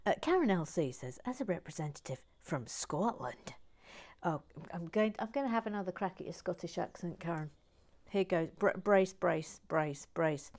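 A woman hosting a relaxed live Lego build, reading chat aloud with dry humour and murmuring asides while she works. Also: on the low side, moderate pace.

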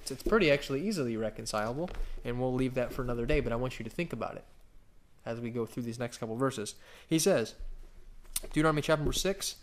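A man of medium pitch delivers a sermon as a pastor, wandering through it casually with side comments and restarts. He reads the scripture aloud at a slow, emphatic pace.

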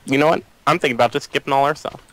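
A Let's Play gamer with a mid-range voice talks rapid-fire while playing with a friend, bantering casually and groaning or exclaiming whenever he dies. The recording is very noisy.

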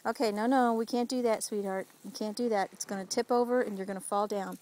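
Speaking fast at a medium pitch, a woman keeps a steady, somewhat mellow tone while she records her young child in the backyard. The home video talk is affectionate, teasing and coaxing, with frequent laughter, though the audio is rough.

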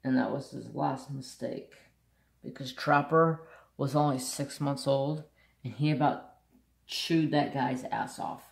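A man's voice: medium pitch, slow pace, creaky, echoey room. A man hosting a craft channel, telling a country story bluntly and saltily in casual chat. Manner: blunt, salty rural storyteller.

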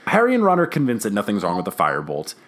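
An enthusiastic man hosting a casual podcast and recapping a book. His pitch is very lively and swings widely. He talks in slang and keeps slipping into character voices. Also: very fast. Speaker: podcast host.

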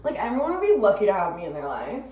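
A woman in her twenties chatting casually to camera, rambling with lots of fillers, swearing freely, and breaking into sudden loud bursts. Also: mid-range voice, wildly swooping pitch, rapid-fire. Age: 20s. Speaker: vlogger. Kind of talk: casual chat. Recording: roomy, distant from the mic.

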